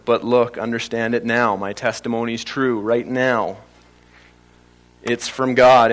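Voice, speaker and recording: A man preaching a sermon, stressing key phrases and slowing down to drive points home. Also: medium pitch, a bit bright. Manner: emphatic, varies pace for stress, slows on key phrases.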